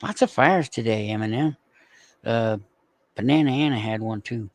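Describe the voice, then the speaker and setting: Gravelly man ranting to his chat. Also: medium pitch, normal speed, dry recording. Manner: swearing, rambling, talking to chat by name. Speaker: streamer reacting to news. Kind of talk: casual live-stream commentary to chat.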